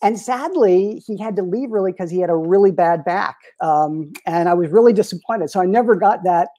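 A man in his sixties, a retired publicist and interview guest, telling lively anecdotes with frequent chuckles. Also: sits high, a little fast. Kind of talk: storytelling in a casual interview.

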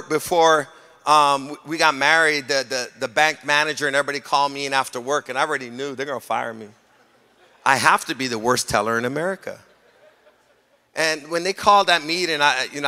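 A man's voice: on the high side, brisk. A middle-aged male pastor preaching a sermon, telling stories with humor and calling on the congregation to respond. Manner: storytelling, animated, jokes with the congregation. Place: church sanctuary. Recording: long reverb of a hall.

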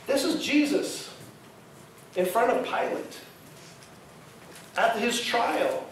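A pastor with a high male voice preaches slowly and expressively in a church sanctuary, pausing often and asking the congregation questions in a conversational way. A distant mic catches the hall's echo along with a little hiss or hum.

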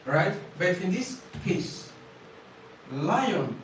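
A man with a fairly high voice teaches a class, explaining slowly, repeating key phrases and quizzing his students. He is recorded from a distance in a very echoey classroom. Faint background noise sits under his voice. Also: big pitch swings. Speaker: IELTS tutor.

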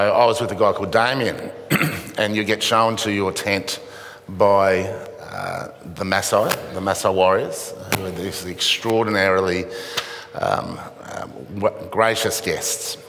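Man, middle-aged, lowish voice, halting anecdotal keynote, long echoey hall reverb. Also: fairly bright tone, a little hiss or hum. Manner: halting storytelling with dry self-mocking humor. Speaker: charity CEO, event speaker. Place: event venue with an audience.

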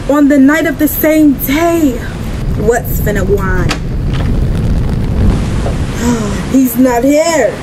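Brief: young woman, high voice, reactive slangy game commentary, game noise behind. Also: unhurried. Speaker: gaming creator. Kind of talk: casual gameplay commentary.

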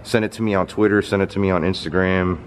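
A young man hosting an exploring vlog in an abandoned theater, talking casually and getting excited. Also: quick pace, slight background noise. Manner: excitable, jumps up in pitch when surprised. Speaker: vlogger host. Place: abandoned indoor movie theater.

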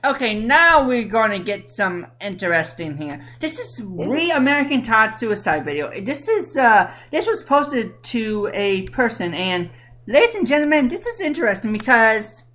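A woman's voice: fairly high pitch, sing-song, moderate pace, fairly bright tone. A woman hosting an internet radio show, rambling and playful in casual chat. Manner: rambling, playful, hums along. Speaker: host.

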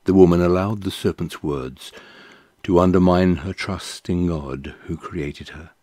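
A man giving a slow, measured scripted reading of a Bible passage. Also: low-pitched, dark tone, dry recording, studio quality. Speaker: scripture reader.

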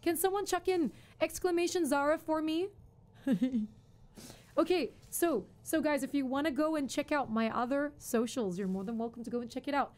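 High pitched lady streamer, freaks out and swears a lot, chats w viewers. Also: moderate pace. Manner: excitable, panicky outbursts and swearing; chatty, thanks and talks to viewers. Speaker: game streamer. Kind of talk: live gameplay commentary.

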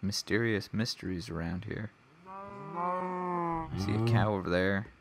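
A man's voice: lowish voice, very animated, slow pace, slight background noise. A man giving casual let's play commentary, chatting to the animals in his game with mock-angry outbursts. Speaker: gamer.

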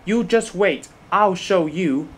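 A man's voice: high-pitched, takes it slowly, voice pushed up. A man voicing an impatient, boastful young male tank engine in a storybook reading. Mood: cross. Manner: excitable, proud and cross by turns. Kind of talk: storybook voice acting.

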